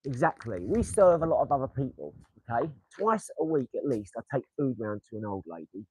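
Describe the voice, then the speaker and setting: A man's voice: medium pitch, sing-song, fairly quick, darkish tone, slightly rough, no echo, low-quality recording. A young man with an Essex accent chatting to viewers on a casual livestream, rambling, swearing and throwing darts as he talks. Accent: Essex English. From England. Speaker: livestream host. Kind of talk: casual motivational livestream chat.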